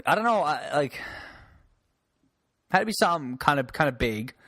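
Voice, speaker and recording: A man's voice: a little high, animated, normal speed, a bit bright, no room sound, studio quality. Profane rambling man from Newfoundland. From Newfoundland, Canada. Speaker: podcast host and stand-up comic. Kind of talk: casual solo podcast rant.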